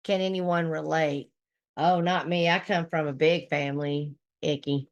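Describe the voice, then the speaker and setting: A woman's voice: deep voice, fairly even intonation, unhurried, highs cut off. A woman hosting a casual livestream, reading viewer comments aloud and reacting bluntly with plenty of swearing. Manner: blunt and profane, laughs often. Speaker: livestream host.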